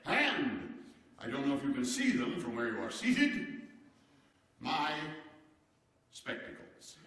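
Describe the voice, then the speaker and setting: A man's voice: mid-range voice, a bit bright. An actor playing a hearty, boisterous old-time American president, speaking theatrically and exclamatorily straight to the audience in a live one-man stage show. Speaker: stage performer. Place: performance hall before a seated audience. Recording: echoey hall, voice picked up from far off.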